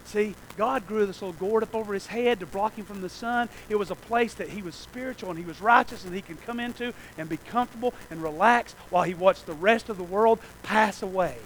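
High-voiced preaching man, swinging soft to loud. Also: a little fast, few pauses, a little hiss or hum, low-quality recording. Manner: swings from hushed asides to shouted preaching; repeats phrases in rhythmic lists. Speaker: pastor. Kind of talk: sermon.

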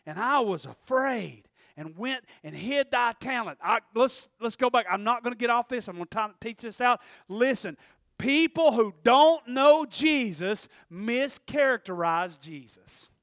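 A male pastor preaching a sermon, telling a story and swinging between loud and hushed. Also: very high voice, normal speed, vocal fry, hardly any pauses, dry recording, studio quality.

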